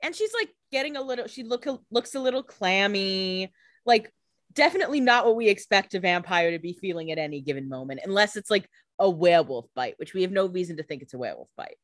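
A woman's voice: medium pitch, animated, fast talker, dry recording. A woman co-hosting a podcast, chatting about a TV show in a blunt, sarcastic way, swearing casually. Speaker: podcast co-host. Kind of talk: casual recap chat.

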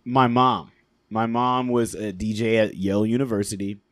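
A man's voice: fairly low pitch, fairly even intonation, moderate pace, no echo. A man being interviewed on a casual podcast, telling long loose stories about his past with frequent laughs and plenty of "you know" and "like.". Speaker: podcast guest, DJ.

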